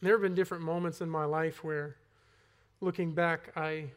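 A young man giving a personal testimony sermon to a congregation, earnest and conversational, with halting restarts, rising to loud emphasis and dropping to soft asides. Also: a little high, fairly even intonation, clean tone. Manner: earnest, swings between loud emphasis and near-whispered asides. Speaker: preacher.

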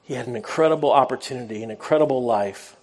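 In a quick, slightly mellow medium-pitched voice, a male pastor preaches by retelling a scripture story. He keeps it earnest and conversational, mixing in some self-deprecating humor.

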